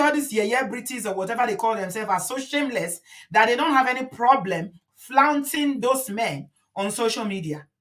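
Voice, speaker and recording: A woman's voice: on the high side, a bit bright. Outspoken Nigerian woman in her forties. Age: 40s. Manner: outspoken, switches into Pidgin, emphatic. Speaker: commentary host. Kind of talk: opinionated commentary.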